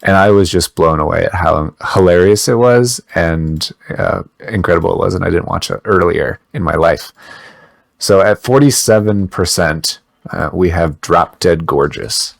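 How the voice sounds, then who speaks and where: Gravelly and low, this man's voice moves at normal speed with no echo. He's co-hosting a podcast, keeping the chat casual, rambling, and full of jokes.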